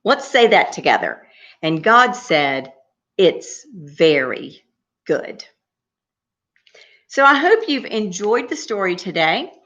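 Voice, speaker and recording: A woman reading a story to young children, gentle and sing-song, often pausing to ask them questions. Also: medium pitch, very animated, dull audio.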